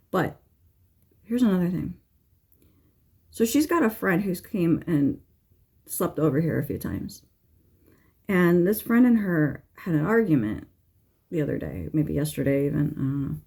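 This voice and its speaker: A woman's voice: low-pitched, creaky, dark tone, breathy edge. A middle-aged woman, a tarot reader, chatting casually and venting bluntly, with rambling asides and frequent swearing. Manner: frank, swears freely, exasperated venting; rambling with fillers and restarts. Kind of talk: casual chat.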